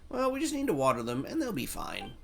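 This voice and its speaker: This is a man putting on a soft-spoken woman doll from a game, wistful and fond of her garden. The reading swings through a lively pitch range over a gravelly texture. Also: fast, slight background noise, full character voice. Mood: gentle. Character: gentle, wistful small woman doll who tends flowers. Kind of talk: reading game dialogue aloud.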